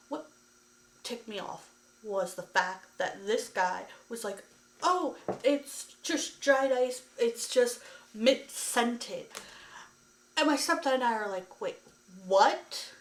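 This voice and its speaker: A woman vlogger telling a story to camera in a ranting, exasperated way, with lots of "like" fillers. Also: medium pitch. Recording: echoey room.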